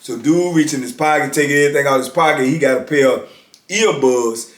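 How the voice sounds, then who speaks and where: A man's voice: a little high, brisk, reverberant. A man casually telling a story from his years in prison, acting out voices of guards and inmates as he goes.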